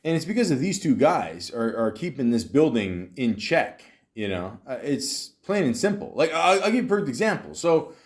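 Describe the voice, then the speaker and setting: A man talks casually into a podcast mic, recounting an old job in a loose, meandering way. He swears a lot and keeps circling back with fillers and false starts. His voice sits at an ordinary middle pitch. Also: big pitch swings, moderate pace, few pauses. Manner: rambling, profane, lots of fillers and restarts. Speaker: podcast host. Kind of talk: casual storytelling monologue.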